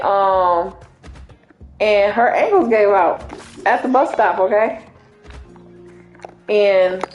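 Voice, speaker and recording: A woman's voice: mid-range voice, darkish tone. A woman DJ telling a funny family story in casual, slangy talk, laughing as she goes. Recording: roomy echo with faint music.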